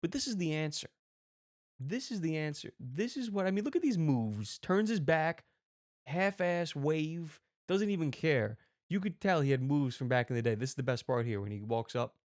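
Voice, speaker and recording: Brief: animated male comic host, lively swings in pitch, dry close-mic sound. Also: moderate pace, no echo. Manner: excitable, animated, riffing. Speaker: comedy commentary host. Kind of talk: comic video reaction commentary.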